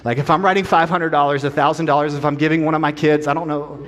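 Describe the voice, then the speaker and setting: A middle-aged man preaching a sermon as a pastor, an animated, self-deprecating storyteller, in a church sanctuary. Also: fairly high pitch, quick pace, slight background noise. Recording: long church hall reverb.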